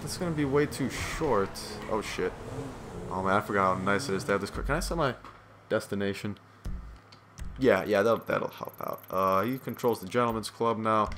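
A man's voice: fairly low pitch, normal speed, fairly bright tone, a little hiss or hum. A man giving casual gameplay commentary, rambling, swearing and self-deprecating, sounding tired and yawning.

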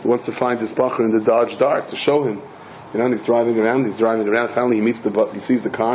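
Older rabbi telling jokey stories. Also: male voice, mid-range voice, fast, slight background noise, low-quality recording. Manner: animated, joking storyteller with many restarts. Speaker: rabbi giving a lecture. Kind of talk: storytelling Torah lecture.

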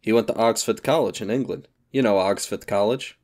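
A man reading the part of an older, gloomy and sentimental male gangster in an audiobook, in a brooding, slow-spoken way. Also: fairly low pitch, a little mellow, natural voice. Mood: admiring.

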